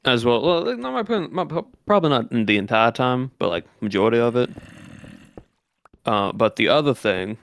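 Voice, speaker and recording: A male streamer chatting loosely on stream, full of fillers, now and then stretching words into a lazy put-on Southern drawl. His desk mic squeezes the sound flat, so he comes across fairly monotone. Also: mid-range voice, moderate pace, vocal fry. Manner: rambling, many fillers, explains things loosely. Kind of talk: casual stream chat. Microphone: desk microphone with built-in compression.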